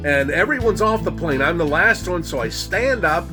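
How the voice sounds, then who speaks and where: An older man telling a comic yarn, animated and laughing at his own jokes. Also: on the high side, normal speed. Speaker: storyteller. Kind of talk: comic storytelling. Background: faint guitar music.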